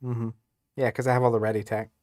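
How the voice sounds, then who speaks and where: A man's voice: mid-range voice, little pitch movement, fast talker, darkish tone, no room sound. A man co-hosting a card game stream, laid-back and matter-of-fact as he explains his plays on a studio broadcast mic. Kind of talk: casual banter and game explanation. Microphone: studio broadcast microphone.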